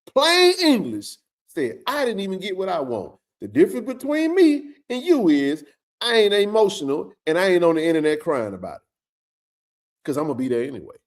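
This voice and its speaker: Male stream host, high and lively voice, fiery preachy rant. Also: fairly quick. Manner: fiery, preachy, colloquial, repeats himself for emphasis. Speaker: host of a college football show. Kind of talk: animated livestream rant.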